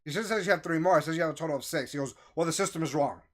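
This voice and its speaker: A man with a somewhat higher voice tells a story in a relaxed, chatty way. He gets animated, acting out the lines of the people in it. It sounds like casual storytelling among friends. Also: racing. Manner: animated, acts out quoted voices. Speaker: host telling a story.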